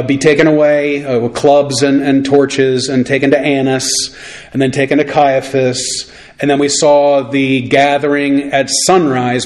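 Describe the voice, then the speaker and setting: Casual, unhurried male preacher. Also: medium pitch. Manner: relaxed, many fillers, slows for scripture reading. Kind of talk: conversational sermon.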